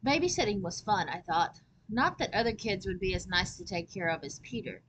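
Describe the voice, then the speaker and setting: A woman reading a children's chapter book aloud as a storyteller, with lively first-person narration. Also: mid-range voice, brisk, slight background noise, poor audio.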